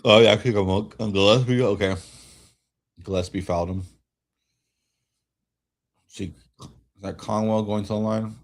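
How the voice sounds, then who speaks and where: A man streaming a watch-along, giving relaxed fan play-by-play while tired and yawning, often restarting his sentences. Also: fairly low pitch, measured pace, pauses often. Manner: relaxed, rambling calls with frequent self-corrections. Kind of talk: casual fan play-by-play commentary.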